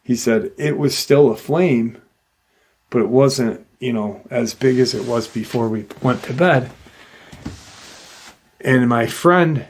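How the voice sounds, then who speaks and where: A middle-aged man slowly retelling a witness's eerie encounter in a casual, halting way, with many fillers. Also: medium pitch. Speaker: host retelling a witness account. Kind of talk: casual storytelling.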